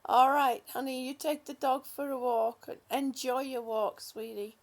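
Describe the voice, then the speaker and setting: A woman's voice: high voice, fairly even intonation, unhurried, a little mellow. A woman hosting a casual livestream, chatting affectionately with viewers and calling them honey and sweetie. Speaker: livestream host. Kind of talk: casual livestream chat reading viewer comments.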